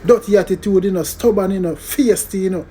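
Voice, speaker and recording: A man with a Jamaican accent hosting a casual music commentary vlog in an animated way, tagging his lines with "you know" and "big up". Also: high voice, fairly quick.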